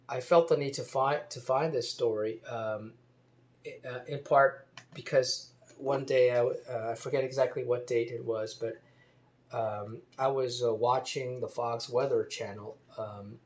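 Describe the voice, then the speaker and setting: A man in an unhurried solo monologue, stopping often on ums and uhs. He hedges his facts, spells out names letter by letter and reads a news story aloud. His pitch sits at a middling level for a man. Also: a little mellow.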